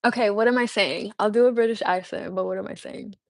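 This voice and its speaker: A bubbly young woman chatting with viewers on a live stream, laughing often as she answers chat questions. Her voice sits at a middling pitch. The recording is dry and close. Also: steady tone, fast, vocal fry, dry recording. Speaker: livestreamer.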